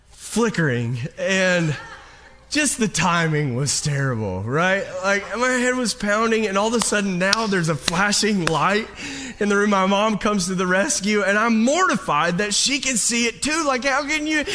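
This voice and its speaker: A man's voice: high-pitched, bright, forceful tone, a little hiss or hum. A man preaching a sermon to his congregation, telling a personal story with many restarts and repeated words. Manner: speaks straight to the congregation. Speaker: pastor.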